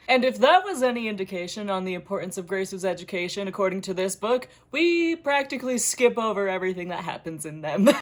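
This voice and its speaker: Sarcastic woman with a slightly high voice. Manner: sarcastic, laughs often while recapping. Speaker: book reviewer. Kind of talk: casual comedic book recap.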